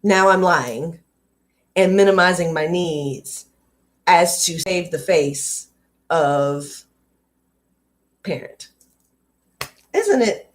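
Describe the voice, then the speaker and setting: Reading a book live on stream, a woman talks candidly and casually with viewers, wandering off into riffs and asides. Her lowish voice is expressive and very slow, with long pauses.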